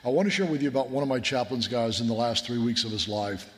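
A chaplain from the military preaches with heartfelt, down-home storytelling, weaving war stories into his sermon. His mid-range voice moves fast, there's slight background noise, and long reverb fills the hall.

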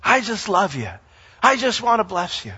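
A man's voice: extremely high pitch, quick pace, pushed and bright, voice pushed up. A man voicing God as an overjoyed, loving figure while preaching a sermon. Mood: tender. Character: God as a beaming, doting male voice. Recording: lo-fi sound with long hall reverb.

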